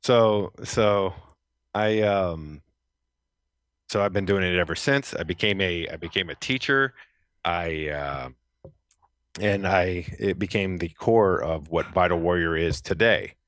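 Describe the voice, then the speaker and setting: Deep-voiced earnest male storyteller. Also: no room sound. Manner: earnest, reflective, many restarts. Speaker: podcast guest, retired Navy SEAL. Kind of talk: conversational storytelling.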